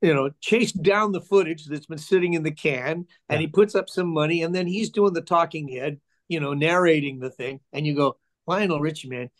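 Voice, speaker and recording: Older man, fairly high voice, casual interview guest, animated storyteller, acts out quotes. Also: normal speed, hardly any pauses.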